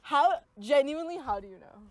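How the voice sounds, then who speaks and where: A woman's voice: high voice, animated, brisk, a crowd in the background. Rambling, profane young woman podcaster. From Los Angeles. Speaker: podcast co-host. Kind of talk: casual chat.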